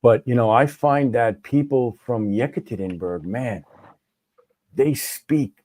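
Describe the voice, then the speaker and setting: A man's voice: medium pitch, a little mellow, no room sound. A man, a guest on a livestream chat, who tells stories with animation and acts out the dialogue. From New York, Long Island. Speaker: guest, war veteran living in Russia.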